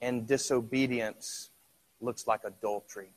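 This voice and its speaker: A middle-aged man preaching a sermon in a conversational way, asking the congregation rhetorical questions, sometimes dropping to a hush and then rising loud. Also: mid-range voice, fairly even intonation, a little slow. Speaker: pastor.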